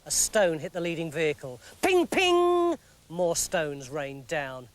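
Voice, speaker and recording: An English man telling a comic story in a lively, mock-dramatic narrating voice. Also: on the high side, normal speed.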